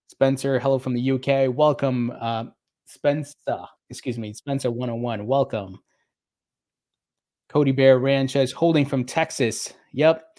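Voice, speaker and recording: A man's voice: mid-range voice, a little mellow, no echo. Jersey guy, middle-aged, hosting a live stream, upbeat and chatty, dry close sound. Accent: New Jersey. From New Jersey. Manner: upbeat, chatty, greets viewers by name with filler ums. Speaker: crypto livestream host. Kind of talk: casual livestream chat reading viewer comments.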